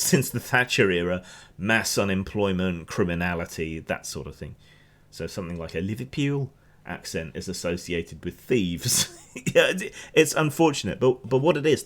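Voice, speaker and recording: Low-voiced Hampshire man rambling through news. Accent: Hampshire English. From England. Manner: rambling, restarts often, opinionated. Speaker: streamer and news commentator. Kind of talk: casual news commentary.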